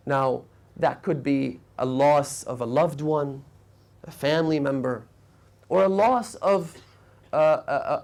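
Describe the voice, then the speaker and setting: Impassioned male preacher, higher voice. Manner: storytelling, rising to emotional peaks and dropping to hushed tones. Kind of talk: sermon lecture. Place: mosque lecture hall.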